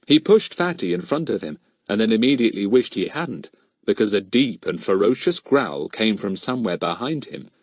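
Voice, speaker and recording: A man reads a children's mystery audiobook aloud in an animated storytelling style. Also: on the low side, no echo. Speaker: audiobook narrator. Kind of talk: scripted narration.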